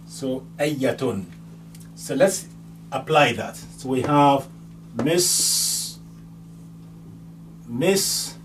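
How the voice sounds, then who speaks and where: Slow, patient male language teacher. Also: a little high, darkish tone. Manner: patient, repeats words and endings many times. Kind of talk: slow step-by-step grammar lesson. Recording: distant mic, faint hum.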